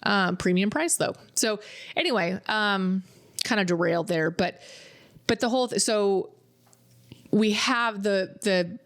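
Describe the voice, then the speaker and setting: With an expressive, mid-range voice that is a bit bright, this podcast co-host speaks at a measured pace. She's a chatty storyteller in casual conversation, performing her clients' quotes aloud.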